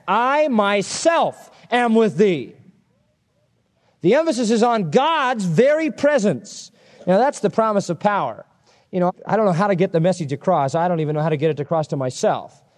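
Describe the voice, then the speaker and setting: A man preaching an expository sermon, emphatic and conversational, telling stories from his own life. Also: sits high. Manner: animated, emphatic, conversational storytelling.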